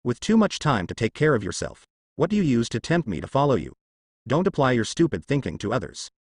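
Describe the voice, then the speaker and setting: Man doing cool mocking young man, lecturing tone, lively pitch, dry recording. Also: fairly quick, husky, dry recording. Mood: scornful. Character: calm mocking young man, coolly scornful.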